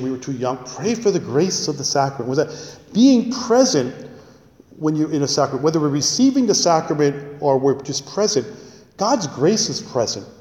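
A middle-aged priest telling a story in an informal talk, rambling and halting with frequent restarts. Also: male voice, fairly high pitch, mellow. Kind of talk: informal talk on prayer and sacraments. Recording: echoey room with long reverb.

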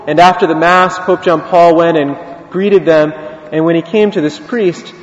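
A man preaching a sermon in a church, his fairly high voice telling a story in a loose, conversational way. The sound is dull and muffled. Long reverb rolls through the large, echoing hall. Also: fairly even intonation, unhurried.

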